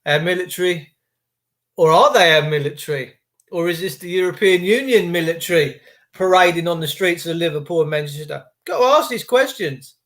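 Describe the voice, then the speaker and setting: Middle-aged podcaster, high voice, animated, blunt, swears freely. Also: male voice, moderate pace. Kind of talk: ranting monologue.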